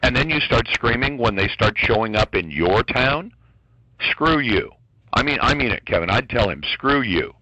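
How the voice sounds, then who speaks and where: A man's voice: mid-range voice, animated, normal speed, pushed and bright, no room sound, poor audio. A man speaking as a guest commentator on a radio talk show, ranting in a heated, emphatic way.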